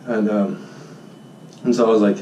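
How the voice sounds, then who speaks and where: A man, a high school Spanish teacher, telling a story in a jokey, boastful vlog and acting out his own shouts. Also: fairly even intonation, moderate pace, echoey room, far from the mic, slight background noise, poor audio. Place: Honolulu.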